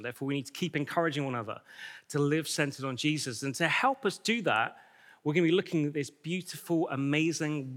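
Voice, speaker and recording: A man's voice: mid-range voice, sharp tone. A man preaching a sermon to his church, enthusiastic and emphatic, repeating key lines for effect. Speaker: pastor. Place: church hall with congregation. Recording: reverberant church hall.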